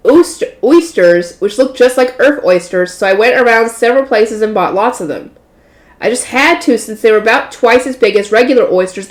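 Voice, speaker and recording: A tired woman reading a light novel aloud in a casual way, correcting slips and adding chatty asides. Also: fairly high pitch. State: tired and yawning. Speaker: audiobook reader. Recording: roomy echo.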